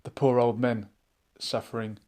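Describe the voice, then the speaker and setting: A man hosting a live online chat show, musing out loud and reading viewers' comments aloud in a casual, thinking-aloud way. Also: mid-range voice, flat delivery, moderate pace. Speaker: livestream chat host.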